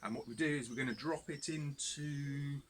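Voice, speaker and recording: A man's voice: fairly high pitch, moderate pace. A man leading cub scouts through activities in a casual instructional video, chatty and self-deprecating. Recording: background noise.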